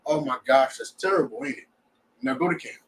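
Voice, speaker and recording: A man teaching a scripture class in an animated way, often checking that his students understand. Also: mid-range voice, a little fast, distant mic, low-quality recording.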